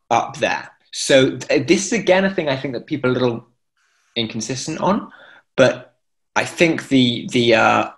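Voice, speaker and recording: Male chant teacher on a video call, mid-pitched, explains patiently with fillers and sung examples. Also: a bit bright. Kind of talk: online class instruction.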